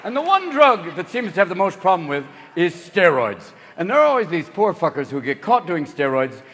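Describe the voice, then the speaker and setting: Older man, stand-up, wildly animated and high-pitched, live audience murmur, some noise. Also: fairly quick, some chatter behind. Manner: manic, profane, jumping into voices and shouts. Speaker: stand-up comedian. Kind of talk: stand-up comedy routine. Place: theater stage with live audience. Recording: reverberant hall, live audience.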